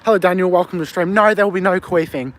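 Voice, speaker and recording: Racing through his words in a high voice, an Australian livestreamer walks a windy street at night. He chats into his phone mic, reading out viewer comments and answering them.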